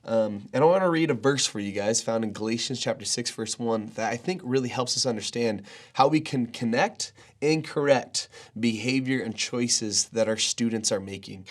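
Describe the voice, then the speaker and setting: A man's voice: medium pitch, normal speed, few pauses. A man in his thirties, a pastor, giving an earnest, conversational daily devotional with frequent fillers.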